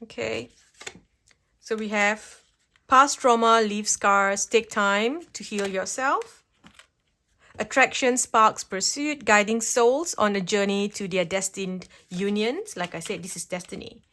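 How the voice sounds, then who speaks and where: A woman's voice: medium pitch, slow, pushed and bright. A woman giving a pick-a-card tarot reading at home, chatty and reassuring, often checking in with "okay?". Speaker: tarot reader. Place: home, at a table with cards.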